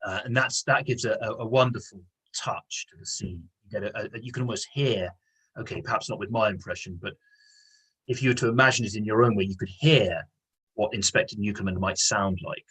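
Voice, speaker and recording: Husky-voiced man teaching an English lesson. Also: on the low side, a bit bright, poor audio. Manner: halting, repeats words while explaining; acts out dialogue voices when reading. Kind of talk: online English lesson, reading aloud.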